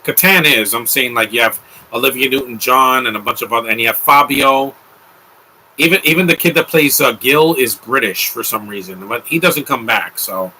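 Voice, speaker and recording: Young male commentary host, bright sharp voice, casual opinionated rambling. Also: mid-range voice, moderate pace, a little hiss or hum, poor audio. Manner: offhand, rambling, opinionated asides.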